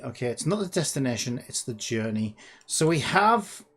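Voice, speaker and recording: A hobbyist developer hosts a casual coding vlog in a mid-range voice, thinking aloud in an excitable, rambling way. He pleads with the computer and sometimes drops to a muttered whisper.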